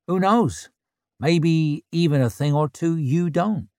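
A man's voice: fairly high pitch, slow pace, darkish tone, dry recording, clean studio sound, voice pushed up. A man voicing a brash young woman chieftain who needles and teases in a cheeky, mocking way.

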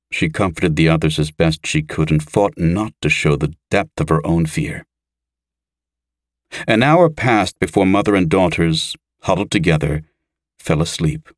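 Deep male audiobook narrator, steady measured reading, dry close sound. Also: no echo. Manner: measured and even.

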